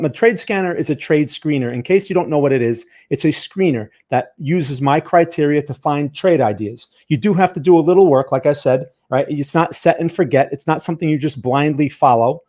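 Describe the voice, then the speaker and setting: New Jersey-accented man, fairly high voice, chatty live-stream trading teacher. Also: darkish tone. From Northern New Jersey, USA. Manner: chatty, talks to chat viewers. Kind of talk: live-stream market lesson.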